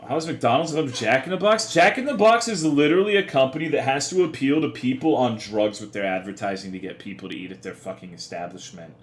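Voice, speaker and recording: A young man livestreams in an echoey room, his medium-pitched voice fast with few pauses. He chats casually with his audience through profane, rambling, half-joking rants.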